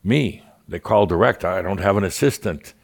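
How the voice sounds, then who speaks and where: A man delivers a channeled spiritual talk in the voice of a spirit teacher. His voice sits very low, and his delivery is wry and theatrical, full of playful asides. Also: normal speed, gravelly. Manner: theatrical, wry, mimics callers, chuckles.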